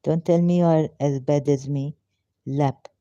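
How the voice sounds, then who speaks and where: Reading a prayer, then pausing to remark on it, this man uses non-native English phrasing, repeats chanted lines and mocks himself with laughter. His voice is slightly high, steady and mellow. The pace is slow and halting, captured on a dull, dry, lo-fi recording.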